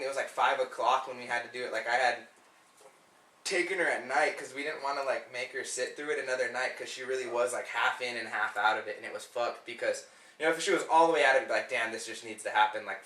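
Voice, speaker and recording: A man's voice: medium pitch, pushed and bright. A young man co-hosting a casual podcast, rambling in a laid-back, profane way. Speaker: podcast co-host. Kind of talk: casual chat, storytelling. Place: living room couch. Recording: roomy, distant mic.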